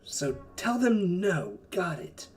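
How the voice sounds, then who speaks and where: A woman game master narrating a tabletop game, slow and unhurried with a low, lively voice. She stays chatty and laughs easily between lines. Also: slight background noise.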